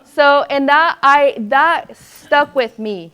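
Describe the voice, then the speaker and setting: Animated woman presenting to teachers. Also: high voice, slow pace, highs cut off. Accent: Spanish. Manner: animated storyteller, acts out quotes. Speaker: former principal, literacy presenter. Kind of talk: professional development talk.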